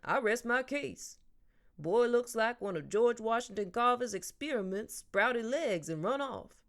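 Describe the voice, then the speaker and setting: A good-humoured older man with a teasing, joking drawl, as a woman reader puts him on. His voice sits a little higher than her plain narration and stays lively. He jokes his way through an audiobook scene. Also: a little slow. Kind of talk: audiobook character reading.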